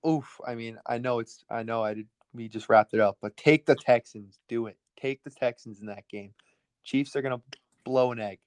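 A man co-hosting a casual sports podcast, firing off his betting picks in a rapid, breathless rush. His voice sits at an ordinary middle pitch. He is recorded close and dry, with no room sound. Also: steady tone, no room sound. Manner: rapid-fire, rattles through picks.

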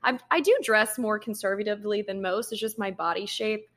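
A woman's voice: mid-range voice, fairly quick, a bit bright. A young woman co-hosting a podcast, telling her side of a story in a blunt, emphatic way and swearing now and then. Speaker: podcast co-host. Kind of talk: casual storytelling chat.

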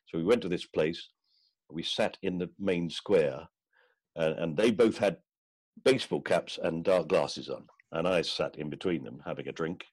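A man guest on a podcast, telling animated stories about old friends in a casual chat. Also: sits low, moderate pace, no echo.

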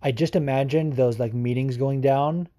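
A man's voice: mid-range voice, steady tone, moderate pace, warm tone, no echo, studio quality. Profane rambling male podcast host. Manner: profane, rambling, frequent fillers. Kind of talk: casual podcast commentary.

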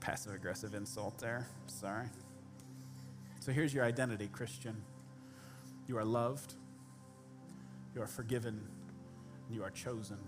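A man's voice: medium pitch, fairly even intonation, unhurried, pauses often, over music. A man preaching a sermon as pastor, speaking directly and conversationally to his congregation with humorous asides.

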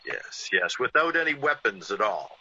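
An actor playing a suave, mysterious male intruder in an old-time radio drama, smooth and quietly mocking. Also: lowish voice, sing-song, normal speed, full character voice. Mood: calm, teasing. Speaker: uninvited visitor. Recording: dull lo-fi old radio broadcast.

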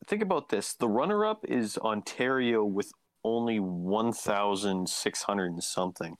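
Young man, low-voiced podcast co-host, deadpan quips, dry close mic. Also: no echo. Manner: deadpan, quick to correct and make quips. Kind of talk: casual chat.

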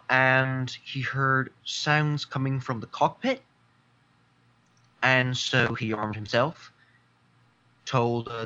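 A man speaks slowly, and his voice is bright and clear-toned. He stops often with fillers as he describes things for a tabletop game. The recording sounds dull and lo-fi. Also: medium pitch. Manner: unhurried, halting, with many fillers. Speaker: player. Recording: dull lo-fi mic.

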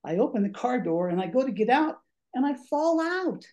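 A man's voice: extremely high pitch, fairly quick, highs cut off. An older man, a former radio DJ, telling stories as a guest, acting out voices and a bit short of breath. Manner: animated, acts out voices in his stories. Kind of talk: storytelling in a podcast interview.

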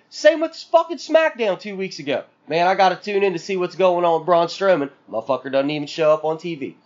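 A man's voice: sits high, expressive, quick pace, few pauses, muffled recording. A man co-hosting a podcast, venting in a profane, exasperated rant full of sarcastic mock quotes. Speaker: podcast co-host.

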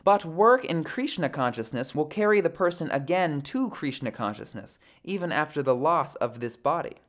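Man reading scripture, measured and reflective. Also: medium pitch. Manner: measured, reflective, slows down to think; hesitant fillers in commentary. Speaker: podcast host reading scripture.

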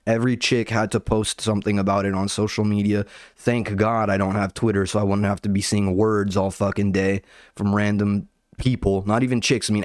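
This young man speaks with a fairly low voice in a clean studio recording free of room sound. He delivers a casual, sarcastic rant for comic effect, cursing a lot and addressing everyone as "dude."

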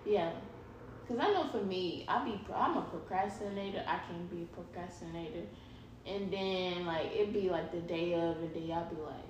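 A woman in relaxed, reflective podcast chat who laughs easily. Her voice comes from a distance in a very echoey room, with clear background noise. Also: on the low side, brisk. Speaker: co-host.

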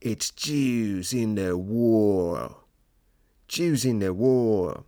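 A man putting on an Australian accent to play an excitable male wildlife TV presenter who narrates in an awestruck nature-show manner. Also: mid-range voice, slow, no echo, studio quality, voice pushed up, natural voice. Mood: gushing. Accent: Australian, put on.

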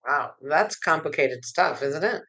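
A woman host keeps her guest talking with short questions and encouraging asides. Her voice sits a little low. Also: expressive, unhurried, fairly bright tone, breathy edge, low-quality recording. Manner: brief encouraging questions and interjections. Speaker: talk show host. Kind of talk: interviewing a guest.

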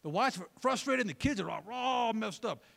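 Male pastor, sermon, high voice, lively, gravelly, joking asides. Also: brisk. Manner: animated, joking asides to the congregation.

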